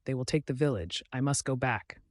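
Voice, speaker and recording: A man's voice: mid-range voice, fairly quick, no echo, clean studio sound, lightly acted. A man voicing a young woman caught between worlds, who speaks in an emotional, pleading way.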